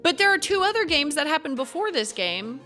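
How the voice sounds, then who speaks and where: A woman's voice: high voice, very animated, brisk, pushed and bright, soft background music. A young woman streaming a game, chatting casually and giggling with her viewers. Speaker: gaming streamer.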